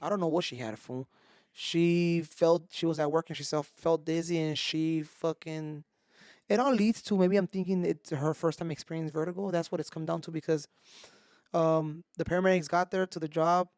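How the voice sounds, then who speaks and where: A man, a podcast co-host telling a story in animated casual chat and mixing Spanish into his English. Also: fairly high pitch, moderate pace, clean tone, no room sound, studio quality. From Mexico.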